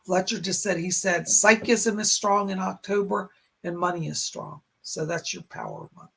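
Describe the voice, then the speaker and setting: Hoarse, gravelly-voiced male psychic host. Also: sits high, fairly even intonation, pushed and bright. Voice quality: raspy. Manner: short halting phrases, relaying spirit messages. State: strained, hoarse voice. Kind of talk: live-stream chat and readings. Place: home in a rural area.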